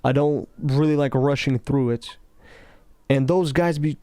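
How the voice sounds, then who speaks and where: A man giving casual, rambling commentary over gameplay, talking slowly with a laid-back, self-interrupting, somewhat mumbled delivery. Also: medium pitch, warm tone, dry recording. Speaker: gaming commentator.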